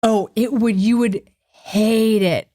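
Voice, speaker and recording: A woman's voice: on the high side, steady tone, slow pace, dark tone, no echo, clean studio sound. A woman co-hosting a podcast in casual chat, full of teasing, bossy banter. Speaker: podcast co-host.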